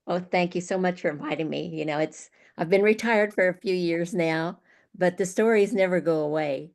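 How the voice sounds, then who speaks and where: A woman's voice: fairly low pitch, normal speed, vocal fry. Older woman guest telling stories. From Arizona, USA. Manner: lively, laughs often. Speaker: guest speaker. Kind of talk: storytelling.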